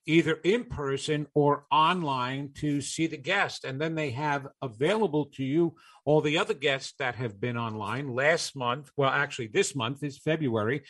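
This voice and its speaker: A man's voice: medium pitch, a bit bright. A man hosting a live call-in radio show, chatting in a rambling, self-amused way.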